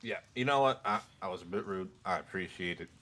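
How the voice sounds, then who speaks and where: A man voicing a gruff, streetwise father sewer rat who bosses his son around. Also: low-pitched, brisk, sharp tone. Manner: brash, bossy, coarse.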